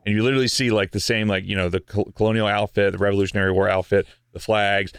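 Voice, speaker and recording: Fast-talking low-voiced man. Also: little pitch movement, smooth, dry recording, clean studio sound. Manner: quick, filler-heavy, agreeable. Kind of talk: casual chat.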